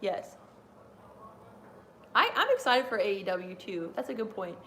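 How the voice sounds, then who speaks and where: A woman's voice: mid-range voice, big pitch swings, measured pace, fairly bright tone, slight background noise. A woman hosting a casual wrestling watch-along, chatting in a rambling way and laughing often. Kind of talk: casual live reaction chat.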